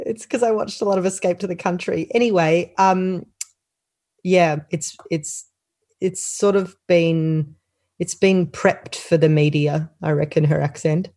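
A woman co-hosting a casual podcast, chatting in a relaxed, amused way. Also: lowish voice, slow. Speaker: podcast co-host.

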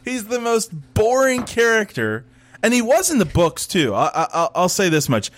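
A man's voice: sits high, wildly swooping pitch, normal speed, a bit bright, no room sound. A man in casual chat, sarcastically recapping a TV show and acting out the characters. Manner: sarcastic, acts out characters mid-story.

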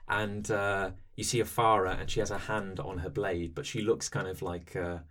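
A man's voice: low-pitched, level tone, moderate pace, fairly bright tone. A man narrating as game master for a tabletop game, rambling with many fillers.

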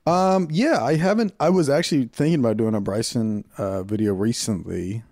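A young adult man on a comedy livestream, chatting casually and acting out bits in high silly voices. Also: normal speed, darkish tone, no echo, studio quality. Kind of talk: casual chat.

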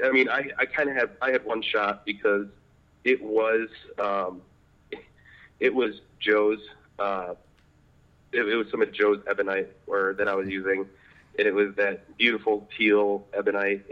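A man chatting as a podcast guest, animated and laughing often as he tells his story. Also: fairly low pitch, highs cut off. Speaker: podcast guest, apprentice pipe maker. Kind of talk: casual interview chat.

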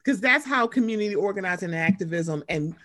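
Animated, profane woman in casual chat. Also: mid-range voice, fast. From Baltimore. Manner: animated, profane, acts out quotes. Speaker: podcast co-host.

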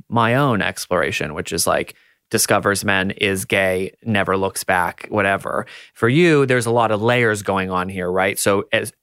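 Male podcast host, low voice, dry close sound, thoughtful. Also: a bit bright, clear, resonant tone, dry recording. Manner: thoughtful, searching for words. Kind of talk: interview questions.

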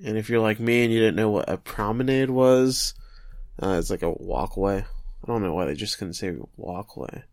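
A man with a lowish voice talks at a normal speed in a dry, clean studio recording. As a podcast co-host, he recaps an anime episode in a casual, joking way, thinking aloud with plenty of fillers.

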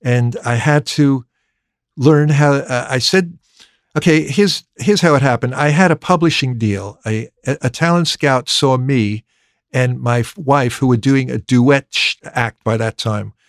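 A man in a conversation spins a long anecdote, doubling back on his words and restarting sentences as he goes. His voice sits at a middle pitch and sounds close and dry, with no room behind it. He slips into the voices of people he remembers. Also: measured pace, no room sound. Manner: lively, acts out remembered dialogue; frequent restarts and repeated words. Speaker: record producer guest.

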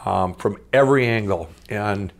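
A middle-aged man from Minnesota telling his own life story off the cuff, rambling with many restarts and swinging between excited and hushed. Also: lowish voice, moderate pace, gravelly. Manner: rambling, full of restarts and "I'm going". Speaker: guest storyteller. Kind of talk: unscripted personal storytelling.

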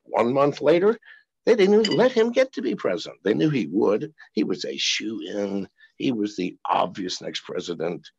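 A man's voice: fairly low pitch, big pitch swings, moderate pace, gravelly, slightly rough, highs cut off. A man talking as a podcast guest over a video call, profane and rambling. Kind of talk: casual interview.

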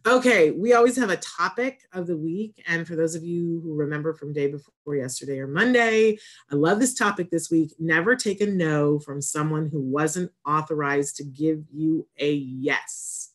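A woman's voice: sits low, moderate pace. A woman hosting an autism community show, talking to viewers in a casual, rambling way, often breaking off her sentences and then bursting out with emphasis. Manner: rambling and warm-hearted, with frequent self-interruptions. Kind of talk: casual chatty monologue to viewers.

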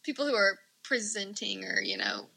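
A woman's voice: mid-range voice, wildly swooping pitch, moderate pace, vocal fry, bright, forceful tone, husky, rough recording. A woman from the United States, chatting casually with many fillers and frequent laughter. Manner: giggly, chatty, lots of fillers. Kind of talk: casual chat.

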